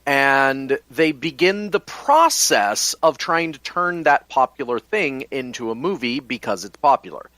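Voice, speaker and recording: A man co-hosting a casual podcast, explaining his points in a measured way. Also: medium pitch, expressive, pushed and bright, dry recording. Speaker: podcast co-host.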